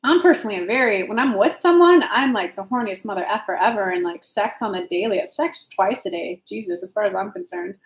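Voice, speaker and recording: A woman's voice: mid-range voice, a little fast, few pauses, echoey room, rough recording. A woman hosting a live stream as an intuitive reader, giving frank, casual advice and answering viewers' questions by name, swearing now and then.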